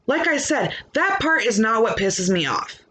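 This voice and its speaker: A woman's voice: fairly high pitch, very animated, moderate pace, fairly bright tone. A young adult woman podcast host ranting into her microphone, blunt, defiant and full of swearing. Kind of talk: ranting monologue.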